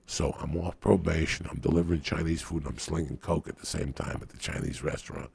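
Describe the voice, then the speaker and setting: A man's voice: rumbling low, steady tone, quick pace, gravelly, darkish tone, husky, no room sound. A man, a stand-up comedian, telling crude, profane stories on a podcast and laughing at his own jokes.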